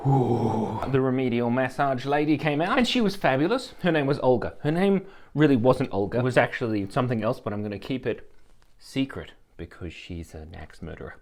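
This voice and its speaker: A man's voice: mid-range voice, expressive, fast. A middle-aged Australian man telling a comic story, rambling with absurd asides and chuckling at his own jokes.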